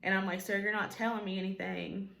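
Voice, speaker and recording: A woman recounts a painful personal story straight to camera in a casual vlog. Her voice sits at an ordinary middle pitch, and she talks with lots of "like" and "um". The room around her is echoey. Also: flat delivery, fairly quick, creaky, a bit bright. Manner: emotional retelling, quoting others, filler-heavy. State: tearful at times. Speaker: vlogger.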